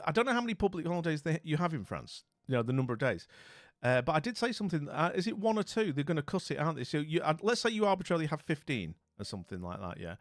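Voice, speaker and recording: A man's voice: fairly high pitch, no echo, studio quality. Jovial man streamer with theatrical exclamations. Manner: rambling, friendly greetings to chat. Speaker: live streamer host. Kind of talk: casual live-stream chat.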